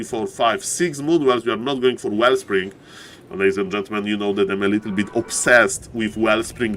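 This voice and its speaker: A man casting a live strategy game, excitable, jumping to high yelps at big plays. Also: slight background noise. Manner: keeps repeating "ladies and gentlemen". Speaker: esports caster.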